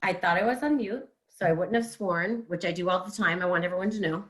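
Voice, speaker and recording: A woman's voice: fairly low pitch, quick pace, a bit bright, poor audio. A woman speaking as a school board director in a virtual meeting, frustrated, emphatic and apologetic. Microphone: computer mic on a video call.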